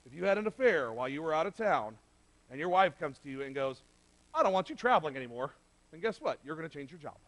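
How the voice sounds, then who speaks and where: A man's voice: on the high side, lively intonation, fast, a bit bright, poor audio. A middle-aged man preaching a sermon in a conversational, direct way, speaking straight to the men in the room. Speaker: pastor. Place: church sanctuary.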